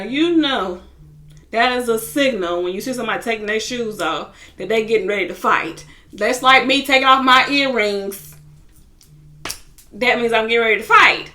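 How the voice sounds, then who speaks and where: A young woman in a casual vlog, retelling a reality show episode with lively, slangy asides. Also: on the high side. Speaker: TV show reviewer.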